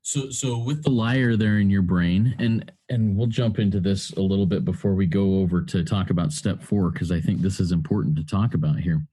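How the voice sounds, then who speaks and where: A man hosting a recovery podcast, asking halting, supportive questions. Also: sits low, warm tone, slightly rough. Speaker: podcast host.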